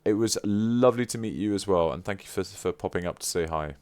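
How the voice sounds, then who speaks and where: A man's voice: low voice, brisk, a little mellow, smooth. A man chatting casually on a live stream, effusive and playfully teasing. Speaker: livestreamer.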